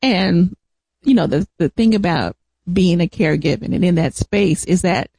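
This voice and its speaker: A man telling family caregiving stories in an animated, laughing manner. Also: high-pitched, slightly rough, no echo. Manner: animated storyteller, laughs often, drawn-out emphasis. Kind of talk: casual family storytelling.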